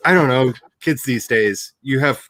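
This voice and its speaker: A man with a mid-range voice speaks at a measured pace with no room sound. He's an author hosting a casual writing livestream, telling animated stories full of laughter and growing tender and emotional when he reminisces.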